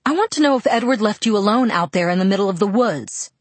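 A woman reading the lines of a worried middle-aged father in a low, insistent voice, barely changing her own husky voice. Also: moderate pace, no room sound.

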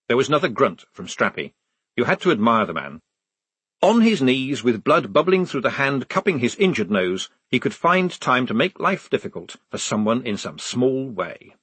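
A man reading a storybook aloud in a wry, expressive manner. His voice is husky and moves lively through its pitch. The recording is close and dry. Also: normal speed, no room sound. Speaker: audiobook narrator. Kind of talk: storybook narration.

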